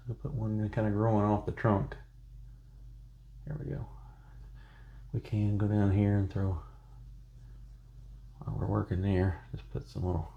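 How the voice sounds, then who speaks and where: Chatty low-voiced man teaching painting. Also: creaky, dark tone, dull audio. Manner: chatty, self-joking, rambling asides. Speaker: painting instructor. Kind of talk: casual painting tutorial.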